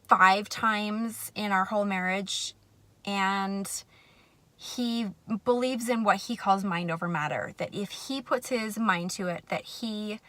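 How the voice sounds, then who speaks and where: A woman telling a personal faith story to camera, earnest and reflective, sometimes soft and hushed. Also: mid-range voice, no echo. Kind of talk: personal testimony.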